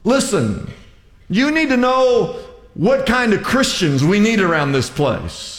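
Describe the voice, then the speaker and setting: An older male pastor delivers a sermon in a high, ringing voice, building through repeated exhortations. His voice carries through a roomy hall with a long, lingering reverb. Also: very animated, takes it slowly. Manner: preaching with rising repeated exhortations.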